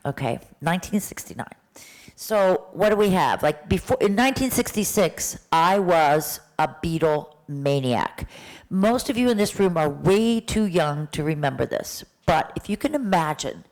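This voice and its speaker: A woman's voice: fairly low pitch, low-quality recording. A woman in her sixties, a voice teacher, telling stories in a chatty way to an audience in a lecture room, with many restarts. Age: 60s. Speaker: voice teacher giving a talk. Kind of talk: live symposium talk.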